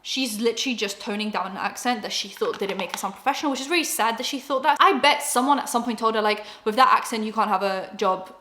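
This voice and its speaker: A young British woman talks quickly in loose, chatty commentary full of fillers and self-corrections. Her voice sits somewhat high in pitch, and the sound comes from an echoey room. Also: sharp tone, slight background noise. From Britain. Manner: chatty, rambling, lots of fillers. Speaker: beauty YouTuber. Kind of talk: casual commentary.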